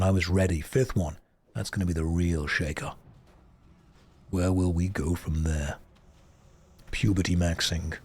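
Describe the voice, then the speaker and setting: A man with a deep voice, livestreaming a game and chatting in a dry, mock-serious joking way. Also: husky. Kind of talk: casual gameplay chat.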